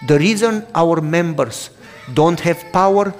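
Older pastor guy preaching, acts out every voice, pitch sits a bit high, big echoey hall. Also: unhurried, faint music behind. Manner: animated, acts out both sides of dialogues loudly. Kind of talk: sermon storytelling. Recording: long hall reverb.

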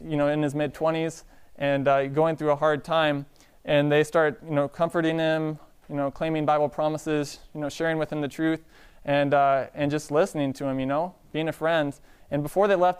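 A man preaching a sermon in a relaxed storytelling way, often asking the congregation "Amen?". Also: a little high, smooth. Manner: conversational, calls out "Amen?" to the congregation.

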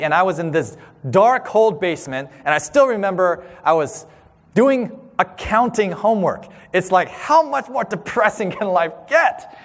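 A man in his thirties giving a sermon-style talk, telling a personal story with animated, acted-out voices. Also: sits high. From Southern California. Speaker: speaker. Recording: long hall reverb.

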